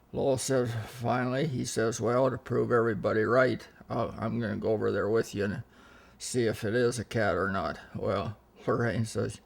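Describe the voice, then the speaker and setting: A man's voice: mid-range voice, creaky. An older man telling rambling family anecdotes in a casual interview, often restarting his sentences and quoting what others said. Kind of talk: casual storytelling.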